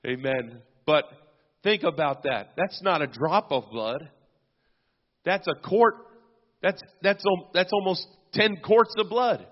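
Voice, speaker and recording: A man with a high voice delivers a sermon at an unhurried pace, pausing on amens and hallelujahs. The sound is dull and lo-fi, with a long reverb trailing off the walls of a church. A pastor speaking to his congregation. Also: animated. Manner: preaching with frequent amens and hallelujahs. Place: church sanctuary.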